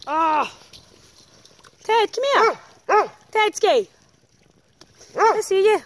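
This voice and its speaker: A woman filming a walk, exclaiming and teasing as she talks to the dogs around her. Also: very high voice. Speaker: professional dog walker. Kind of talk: chatty outdoor vlog talking to dogs. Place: muddy countryside outdoors. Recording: outdoor noise with barking dogs. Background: dogs barking.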